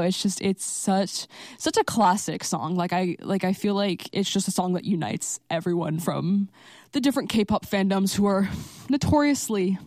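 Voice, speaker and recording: A young woman chats breezily as a radio DJ, gushing and rambling with plenty of fillers. Her voice sits at an ordinary pitch. The studio sound is dry and close, with no room echo. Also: darkish tone. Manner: chatty, enthusiastic, many likes and ums. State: slightly out of breath. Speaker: college radio DJ. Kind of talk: casual radio chat between songs.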